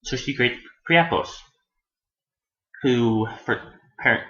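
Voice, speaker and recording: A man's voice: takes it slowly, sharp tone. A man giving a casual, rambling anime review, often correcting himself and swearing as he goes. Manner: meandering, self-correcting, profane; acts out characters in shrill voices. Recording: echoey room, dull lo-fi sound.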